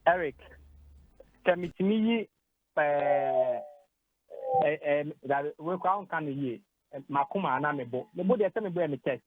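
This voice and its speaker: On the radio, a Ghanaian-accented man talks sports, getting emotional and hesitating and repeating words as he switches between Twi and English. His fairly high voice has lively intonation, a moderate pace and long pauses. The studio recording is dry, with narrow, tinny audio.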